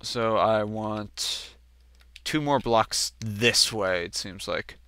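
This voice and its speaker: A man of twenty doing casual let's-play gameplay commentary, chatting and telling family stories in which he acts out quoted relatives with sudden jumps in pitch. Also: drawn-out words, bright, forceful tone, clear, resonant tone, no echo. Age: 20s.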